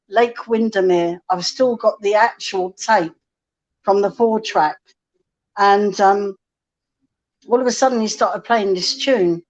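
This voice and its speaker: A woman's voice: medium pitch, a little mellow. A woman chatting on a live stream as a guest, telling a story and quoting the people in it. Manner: chatty storyteller, quotes others. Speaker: guest musician. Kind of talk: casual live-stream chat. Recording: dull lo-fi stream audio.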